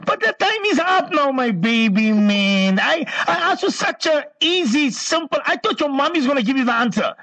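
A man's voice: very high-pitched, normal speed, hardly any pauses, no room sound. A man hosting a live call-in quiz on the radio, playful and affectionate, repeating himself as he talks. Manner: animated, playful and affectionate, with lots of repetition. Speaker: radio quiz show host.

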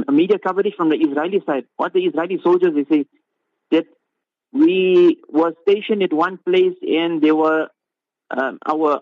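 A man delivers an impassioned religious talk, pressing his points with rhetorical questions and repeated phrases. His voice sits high. It comes through a narrow, phone-like line with a dry, close sound. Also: no room sound. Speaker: Islamic scholar giving a talk.

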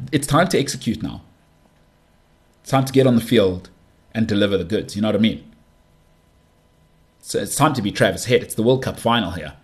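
A young man hosting a football podcast, talking in a brash, animated monologue full of rambling asides. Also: on the low side. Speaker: podcast host.

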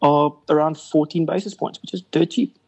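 A man's voice: fairly high pitch, fairly even intonation, normal speed, darkish tone, slightly rough, rough recording. A man, an investment company boss, talking business in a rambling, chatty way with lots of fillers. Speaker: investment company CEO guest. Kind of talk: casual radio business interview.

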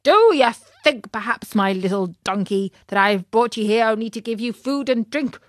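A woman's voice: a little high, expressive, moderate pace, dry recording, studio quality, lightly acted. A woman voicing an angry, bullying circus owner who talks in a harsh, scolding way.

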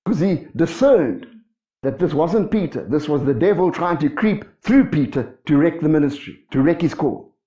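Animated male preacher in a roomy hall. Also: a little high, normal speed, highs cut off. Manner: animated, acts out quoted voices, asks the congregation questions. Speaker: pastor. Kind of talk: sermon.

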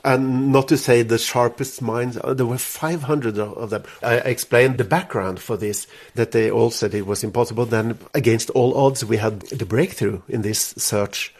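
A man's voice: mid-range voice, steady tone, a little mellow. Earnest Norwegian man telling a story. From Norway. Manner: earnest, emotional, halting in English. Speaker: interviewee, jazz musician. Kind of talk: personal storytelling in conversation.

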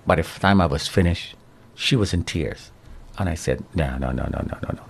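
A middle-aged man giving his testimony in an interview, telling it with animated storytelling and a preaching tone. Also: extremely low pitch, moderate pace, vocal fry, husky. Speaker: interview guest, survivor.

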